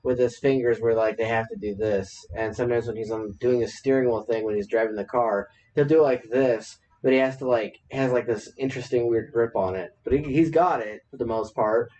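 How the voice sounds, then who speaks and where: A man's voice: medium pitch, fairly quick, few pauses, a little mellow, a little hiss or hum, rough recording. A married man co-hosting a podcast, telling rambling stories in casual chat and laughing at himself. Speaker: podcast co-host.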